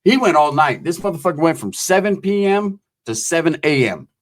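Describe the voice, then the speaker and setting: A man's voice: fairly high pitch, sing-song, brisk. A man telling prison stories in casual, profane street talk, acting out the voices of the people in them. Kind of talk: casual storytelling.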